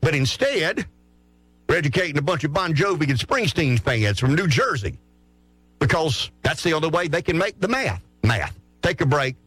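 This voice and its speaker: A middle-aged man from South Carolina hosting opinionated sports talk radio, blunt and animated, often stammering and restarting his words. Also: a little high, moderate pace, husky, no room sound. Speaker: radio talk show host.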